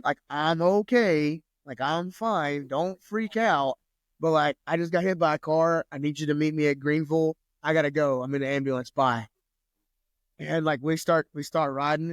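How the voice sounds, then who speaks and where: Guy, 30s, relaxed profane storyteller, slightly high voice, dry close mic. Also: dry recording. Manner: loose, profane, lots of "like". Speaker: podcast guest. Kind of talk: casual storytelling.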